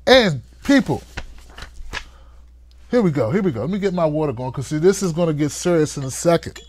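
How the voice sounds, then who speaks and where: A man hosting a live-stream call-in show, talking in a hyped, playful way and hollering shout-outs to viewers. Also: a little high, lively intonation, brisk, a little hiss or hum.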